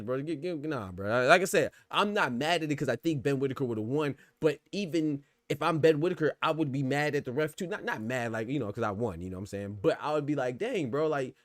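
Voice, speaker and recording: A man hosts a boxing podcast in a mid-range voice with no echo, reacting to live chat in a loose, casual way. He often drops "bro" and "you know what I'm saying."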